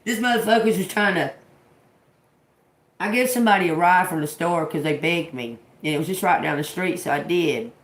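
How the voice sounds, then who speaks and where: A lowish, brisk woman's voice belongs to a livestream tarot reader who has a grown daughter. She tells casual stories in a blunt, profane way, laughing a lot, and the recording has a roomy echo.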